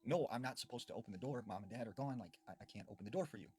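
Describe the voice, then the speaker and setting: A man's voice: mid-range voice, very fast, a little mellow, slightly rough, natural voice. A man voicing a wary young girl. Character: wary young girl minding her siblings.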